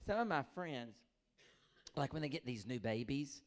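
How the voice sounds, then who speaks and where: A man's voice: medium pitch, moderate pace. A middle-aged man performing a stand-up comedy set, telling stories, acting out voices and laughing often. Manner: animated storytelling, acts out voices, laughs often.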